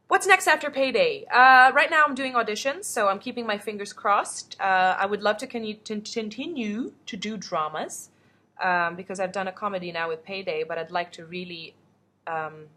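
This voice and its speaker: Bright chatty young woman on a webcam. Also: mid-range voice, normal speed. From Philippines. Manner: chatty and upbeat, rambling asides. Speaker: actress answering fan questions. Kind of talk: casual webcam Q&A. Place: indoors at home.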